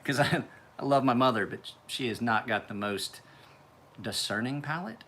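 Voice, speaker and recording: Profane man rambling on a live feed, laughs a lot, bright tone. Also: mid-range voice, moderate pace, a little hiss or hum. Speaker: knife sharpener hosting a live stream. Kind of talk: casual live stream chat.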